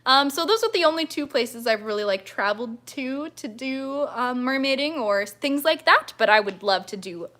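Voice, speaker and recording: A woman's voice: sits high, expressive, moderate pace, hardly any pauses, fairly bright tone. Bubbly, giggly young woman on a livestream. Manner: bubbly, giggly, gushing with thanks. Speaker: mermaid performer hosting a birthday livestream. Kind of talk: casual livestream chat reading viewer comments.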